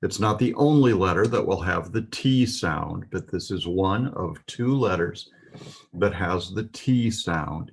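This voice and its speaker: A man's voice: low voice, husky. A man teaching a Hebrew alphabet lesson, patiently explaining and pointing out letters.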